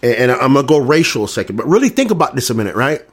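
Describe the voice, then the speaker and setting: A man's voice: medium pitch, very animated, very fast, husky. A man with a Southern US accent delivering a combative, profane, repetitive rant. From American South. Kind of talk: ranting monologue.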